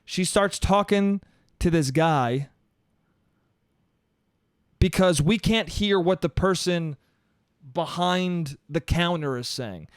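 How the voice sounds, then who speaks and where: A man hosting a podcast who delivers an animated, comedic storytelling monologue, swearing freely and calling the listener "dude". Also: high voice, slow, pauses often, clean tone, dry recording, clean studio sound. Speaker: podcast host.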